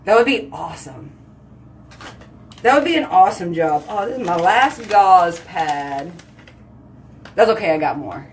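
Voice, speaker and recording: Woman host, casual chat, filler-heavy, animated and talkative. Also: fairly low pitch, a little slow, long pauses, a little hiss or hum. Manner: chatty, heavy use of "like", animated exclamations.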